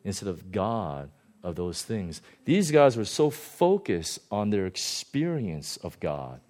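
A male pastor giving a conversational sermon, animated and often chuckling. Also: on the low side, slow pace.

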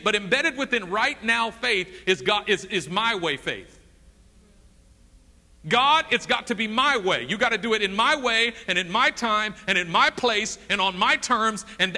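A man delivering a sermon with a high, lively voice that swings widely in pitch. His tone is bright and forceful, and he acts out the voices of the people in his story. A long reverb hangs behind him as if he were in a large hall. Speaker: preacher.

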